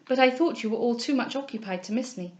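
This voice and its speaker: A woman reading aloud voices a poised young heiress with a gentle, formal way of speaking. Her tone stays measured and kindly but firm. The voice sits on the high side. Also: highs cut off, natural voice. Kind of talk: audiobook character reading.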